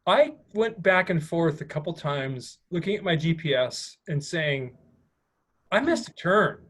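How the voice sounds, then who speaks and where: A man with a fairly high voice presents a slideshow to a live audience. He talks in a chatty, rambling way and restarts his sentences often. He is recorded in a meeting room. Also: expressive, a little slow, a bit bright. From United States. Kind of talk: informal slideshow talk.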